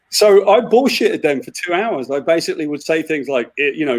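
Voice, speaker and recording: A British man tells stories in a lively, chuckling way over a video call. He is a comic book writer chatting with friends, and his voice sits a little high. The sound is dry and close. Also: moderate pace, dry recording. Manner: animated anecdote-telling, chuckling. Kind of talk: casual video-call chat.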